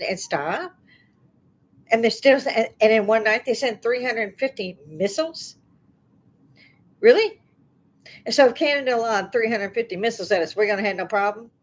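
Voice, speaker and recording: A middle-aged woman hosts her own show and rants in a heated, indignant way. Her voice sits at an ordinary pitch for a woman, and it spikes into loud outbursts when she gets worked up. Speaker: host of a talk stream. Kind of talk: angry political rant.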